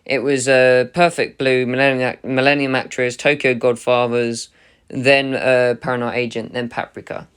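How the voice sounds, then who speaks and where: Chatty man with a smooth voice. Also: mid-range voice, level tone, moderate pace, fairly bright tone. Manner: chatty and enthusiastic. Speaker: anime reviewer. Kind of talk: casual spoken ranking review.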